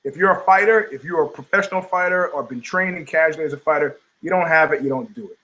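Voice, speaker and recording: An older man hosting a talk show speaks quickly in a voice on the high side. As a podcast host, he rants casually and profanely, telling animated stories in which he acts out the voices of the people he quotes.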